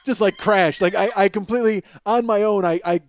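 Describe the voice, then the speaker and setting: A man hosting a podcast, telling a comic story in a profane, animated way and laughing along at his own tale. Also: high-pitched, fairly quick, slight background noise. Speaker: podcast host.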